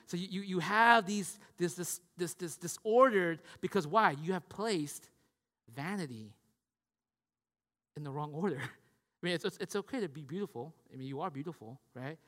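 A man's voice: sits high, normal speed, fairly bright tone. A man preaching a sermon in a conversational way. He keeps asking "right?" and acts out the voices of the people he describes. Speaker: pastor. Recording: long hall reverb.

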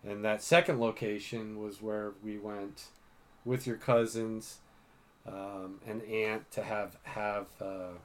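A man's voice: on the low side, flat delivery, slow, slight background noise. A middle-aged man hosting a casual chat with his daughter, self-mocking and full of fillers. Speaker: podcast host.

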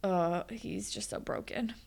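A woman's voice: fairly high pitch, expressive, moderate pace, fairly bright tone. A woman co-hosting a podcast, recapping a TV episode in casual chat. She swears freely and acts out the characters' lines as she retells them. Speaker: podcast co-host.

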